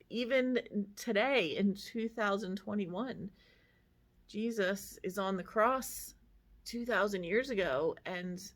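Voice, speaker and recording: A woman pastor giving a casual devotional reflection, talking conversationally with many fillers and asides. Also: mid-range voice.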